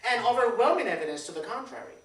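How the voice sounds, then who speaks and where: Pastor preaching in an echoey church. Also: male voice, sits high, racing. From Puerto Rico. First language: Spanish. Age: 30s. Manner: lively, repeats words, questions the congregation. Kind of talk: conversational sermon. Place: church sanctuary. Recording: echoey church, distant mic.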